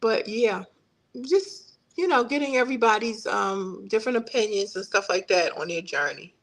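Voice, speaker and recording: A woman's voice: mid-range voice, expressive, normal speed, a bit bright, rough recording. A middle-aged woman hosting a casual livestream, chatting in a folksy way and answering viewer comments. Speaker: livestream host. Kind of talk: casual live-stream chat.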